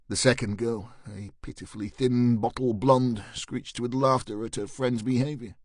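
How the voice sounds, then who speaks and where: A man narrating a crime thriller audiobook in a measured, even reading. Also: medium pitch, no echo. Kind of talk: scripted narration.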